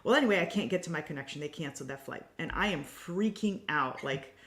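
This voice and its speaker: A woman co-hosting a casual livestream conversation. She tells stories in a lively way and laughs often. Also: low voice, fast talker. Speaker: co-host, healing coach. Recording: roomy echo.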